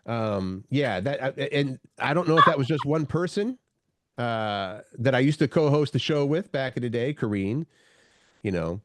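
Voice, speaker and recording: A man's voice: medium pitch, expressive, normal speed. A man co-hosting a morning show, chatting casually and searching for his words as he rambles along. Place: radio studio.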